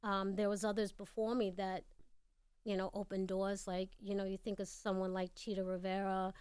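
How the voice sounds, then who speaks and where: A woman's voice: mid-range voice, level tone, normal speed, a little mellow, clean tone, no room sound. A woman with a noticeable accent, a guest actress telling stories frankly and animatedly in a casual studio interview.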